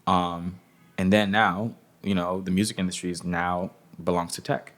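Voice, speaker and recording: Man, very low voice, casual interview guest, profane, rambling with fillers. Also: little pitch movement, normal speed, fairly bright tone. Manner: loose, profane, full of "like" and "you know". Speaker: music industry guest.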